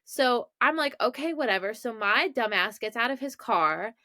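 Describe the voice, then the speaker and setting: A woman's voice: on the high side, animated, a little slow, bright, forceful tone, no echo. Young woman podcast host rambling thru a story, self-mocking, dry close sound. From Maryland, USA. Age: young adult. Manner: chatty, many likes and asides, self-mocking. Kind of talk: casual storytelling.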